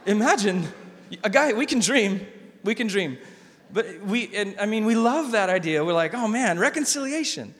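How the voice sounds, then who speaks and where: A male pastor preaching a sermon in a conversational, animated way, often repeating words. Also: high voice, normal speed. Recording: long hall reverb.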